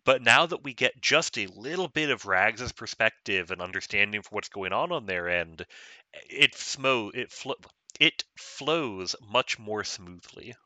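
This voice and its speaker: A man's voice: on the low side, animated, unhurried, pushed and bright, no echo. A man co-hosting a casual book discussion podcast, laid-back with dry jokes. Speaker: podcast co-host.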